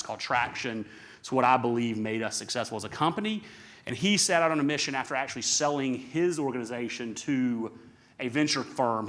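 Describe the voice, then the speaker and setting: Man, middle-aged, seminar speaker, rapid delivery, emphatic, rhetorical questions. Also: mid-range voice, a bit bright. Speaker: conference speaker. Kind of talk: live seminar talk.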